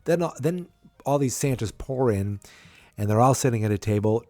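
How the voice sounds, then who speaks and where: A man's voice: mid-range voice, expressive, normal speed, darkish tone, dry recording. A man hosting a podcast, casually recapping a TV episode with a rambling manner full of restarts and fillers. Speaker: podcast host.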